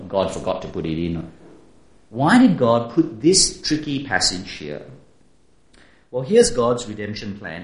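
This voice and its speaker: A man preaching a sermon in a conversational style that poses many rhetorical questions to the listeners. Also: mid-range voice. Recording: roomy echo.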